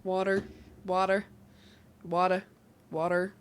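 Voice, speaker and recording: A woman's voice: on the low side, flat delivery, slow, smooth. A young woman with a New Jersey accent, co-hosting a podcast in casual chat. She is chatty and giggly, and she acts out the dialogue she quotes. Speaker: podcast co-host.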